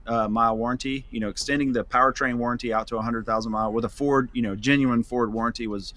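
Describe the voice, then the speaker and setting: Bright-voiced man rambling about vans. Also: mid-range voice, fairly even intonation, fast talker. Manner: loose and rambling, many fillers and restarts. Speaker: van company founder, guest. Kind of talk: casual podcast interview.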